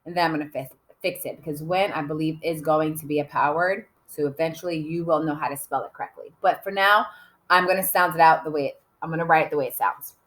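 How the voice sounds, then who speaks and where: A woman teaching an early-grade writing lesson, sounding out words letter by letter in a sing-song way, with sudden excited calls and soft near-whispers on quiet sounds. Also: low-pitched, fast talker.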